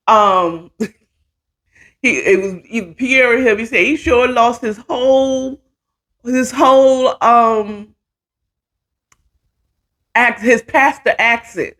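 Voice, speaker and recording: A woman's voice: medium pitch, unhurried, a bit bright. A woman hosting a casual commentary chat from home, opinionated and rambling, with restarts and asides. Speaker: host. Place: home, at a computer.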